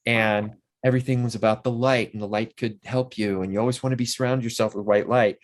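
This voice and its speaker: A man's voice: medium pitch, steady tone, fast talker. A man in his sixties, an interview guest and actor, telling long, rambling anecdotes full of restarts.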